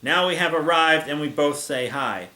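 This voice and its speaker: A man's voice: on the high side, expressive, normal speed, bright, forceful tone. Sarcastic man reading fan fiction aloud. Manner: sarcastic, exasperated asides. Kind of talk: comedic reading with commentary. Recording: echoey room.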